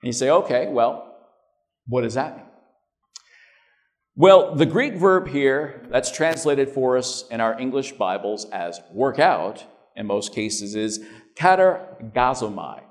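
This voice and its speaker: A man preaching a sermon in a conversational way, often repeating words as he starts a thought and swinging between emphatic and quiet phrases. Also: medium pitch, expressive, a little slow.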